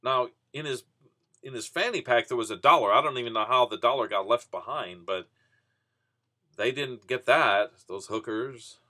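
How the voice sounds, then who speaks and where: A man's voice: medium pitch, moderate pace, sharp tone. A man casually telling a rambling personal story, full of "you know" and restarts. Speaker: vending business vlogger.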